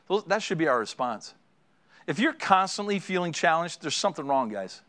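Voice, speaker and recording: A man's voice: a little high, very animated, normal speed, pushed and bright. A middle-aged man preaching a sermon as a pastor, earnest and exhorting, driving points home with repeated phrases.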